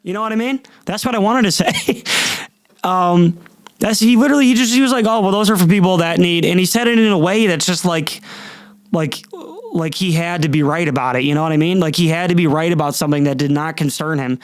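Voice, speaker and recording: An exasperated man rants on his podcast, cursing freely and tripping over his own restarts. His voice sits a bit high for a man. The sound is close and dry, with no room echo. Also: fairly quick. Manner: profane, exasperated, rambling with many restarts. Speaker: podcast host. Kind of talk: casual storytelling rant.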